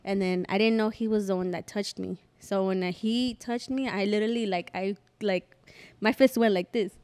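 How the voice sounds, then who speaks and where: Young woman, podcast host, casual chat, lively storytelling, cusses a lot. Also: medium pitch, normal speed, clean tone. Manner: animated storyteller who acts out quotes and swears freely.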